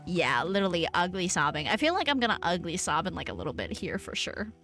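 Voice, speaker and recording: A young woman streamer chatting casually and reading game text aloud, emotional and animated, swearing and squealing. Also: lowish voice, fast talker, faint music behind.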